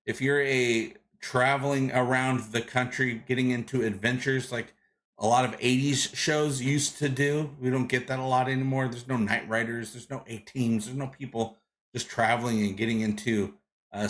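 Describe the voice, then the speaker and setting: With a mid-range, fairly bright voice, this live show host chats casually, reads viewer comments aloud and welcomes people by name. His talk is rambling, with frequent restarts and plenty of filler words.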